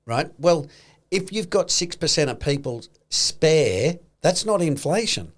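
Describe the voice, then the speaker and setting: An Australian man hosting an investing podcast in casual chat, animated, acting out quoted voices and swearing freely. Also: fairly high pitch, measured pace. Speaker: podcast host.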